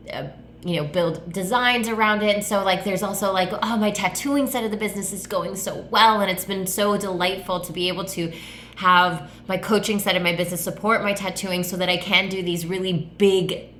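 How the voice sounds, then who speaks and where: A woman's voice: mid-range voice, fairly bright tone, slight background noise. A woman hosting her own podcast, talking in a rambling, effusive way, filling her sentences with "like" and swearing casually. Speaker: podcast host, tattoo artist and coach. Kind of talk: casual solo podcast monologue. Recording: echoey room.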